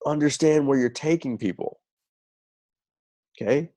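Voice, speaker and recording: A man's voice: on the high side, measured pace, warm tone. A man teaching a recruiting lesson who keeps checking in with "okay?" and repeats key phrases for emphasis. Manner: checks in constantly with "okay?" and "right?". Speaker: sales recruiting trainer. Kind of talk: recorded training lesson.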